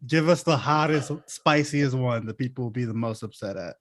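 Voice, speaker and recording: A man's voice: medium pitch, normal speed. A man co-hosting a podcast in casual chat, laughing often and teasing his co-hosts with contrary opinions. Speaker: podcast co-host.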